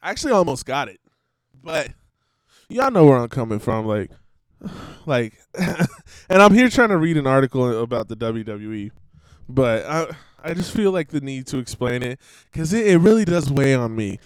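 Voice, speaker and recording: A man's voice: medium pitch, very animated, normal speed, clean tone, dry recording, poor audio. A man on a one-man stream, ranting bluntly and profanely in rambling asides that he breaks up with laughs.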